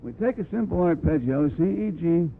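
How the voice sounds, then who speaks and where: A man with a high, gravelly voice talks a room of brass students through breathing in a blunt, wry way, scatting phrases to show what he means. The recording is a tinny, phone-like archival tape with a faint hiss underneath. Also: expressive, normal speed. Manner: plainspoken and wry, scats phrases to demonstrate. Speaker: brass instructor giving a clinic. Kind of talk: blunt, conversational teaching talk.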